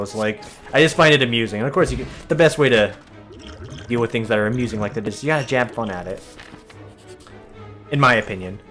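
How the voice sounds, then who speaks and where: A young man giving rambling, jokey commentary while playing a game, acting out what his friends say. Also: mid-range voice. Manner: chatty, animated, jokey, acts out quoted friends. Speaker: streamer and let's-play host.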